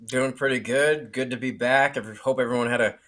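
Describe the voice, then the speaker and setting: A man co-hosting a sports podcast over a remote link, chatting in a relaxed way with many ums. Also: medium pitch, brisk. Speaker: podcast co-host. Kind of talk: casual sports podcast talk. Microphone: remote call.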